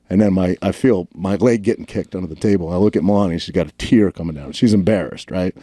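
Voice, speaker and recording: A New man in his forties, telling a long story on a podcast. His voice is low and mellow, and he acts out the lines he quotes. The sound is dry and close. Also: fast talker, dry recording. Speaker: podcast co-host. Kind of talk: casual storytelling chat.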